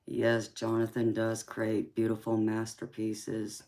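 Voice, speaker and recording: A woman hosting a tarot livestream, chatting softly with viewers and calling them sweetheart and honey. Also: extremely low pitch, completely flat delivery, slow pace. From mixed Japanese, Polynesian, English, Irish and Scandinavian heritage. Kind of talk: casual livestream chat reading out viewer comments.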